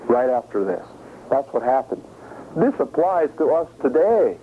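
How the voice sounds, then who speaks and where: A man's voice: mid-range voice, very animated, unhurried. Man preaching over a tinny, hissy recording. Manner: emphatic, asks the audience questions. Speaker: preacher teaching a Bible study. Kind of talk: sermon-style Bible study. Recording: lo-fi phone-like recording with faint hiss.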